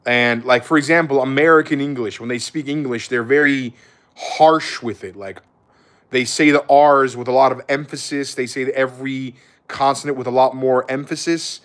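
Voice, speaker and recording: A man's voice: mid-range voice, steady tone, normal speed, fairly bright tone. A young man talking loosely to his viewers on a live stream. He is laid-back and swears casually, throwing "bro" into nearly every thought.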